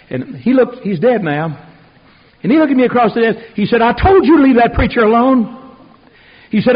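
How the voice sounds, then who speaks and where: An older man preaching a sermon, telling folksy stories that swing from quiet asides to loud outbursts. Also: high voice, slightly rough. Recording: dull lo-fi radio recording.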